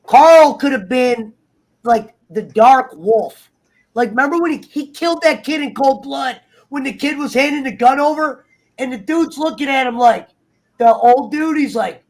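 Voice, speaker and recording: A man in casual, heated chat, swearing freely and acting out characters in quick asides. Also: very high-pitched. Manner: profane, animated, acts out characters in quick asides. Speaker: guest on a TV review talk show.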